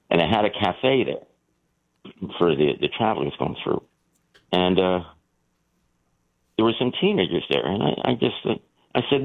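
A man calling in to a radio show, telling a story in a rambling, animated way with many restarts. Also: fairly low pitch, vocal fry. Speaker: caller. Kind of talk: call-in storytelling. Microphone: telephone. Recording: tinny phone line.

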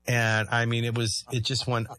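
A man's voice: medium pitch, completely flat delivery, normal speed, bright, forceful tone. A man hosting a talk radio show, chatting through rambling anecdotes and often laughing.

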